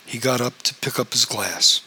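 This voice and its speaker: A man narrating a novel in a steady, matter-of-fact storytelling manner. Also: medium pitch, normal speed, breathy edge, rough recording. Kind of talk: audiobook fiction reading.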